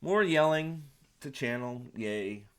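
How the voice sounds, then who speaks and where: A man's voice: mid-range voice, expressive, slow pace, clean tone. A man giving casual, sarcastic commentary while watching a show, mocking scenes and swearing freely. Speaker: show reviewer. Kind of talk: casual commentary over playback.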